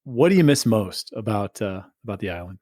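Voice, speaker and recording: A man's voice: lowish voice, very animated, fairly quick, warm tone, no echo, studio quality. A middle-aged man hosting a podcast, asking enthusiastic, friendly questions in casual chat. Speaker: podcast host.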